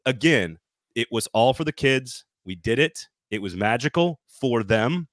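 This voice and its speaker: Middle-aged dude w a light southern accent telling stories on a sports pod, bit of cursing, really dry mic, no room at all. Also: male voice, mid-range voice, measured pace, no echo. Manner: animated, swearing, jokey storytelling. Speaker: sports podcast host. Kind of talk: casual chat.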